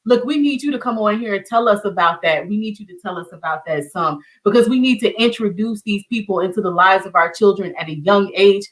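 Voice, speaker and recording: A middle-aged woman with a Southern US accent hosts an online teach-in, chatting to viewers in a warm, encouraging way. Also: medium pitch, brisk, hardly any pauses, recorded from a distance, rough recording. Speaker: online community show host. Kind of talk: casual livestream teaching.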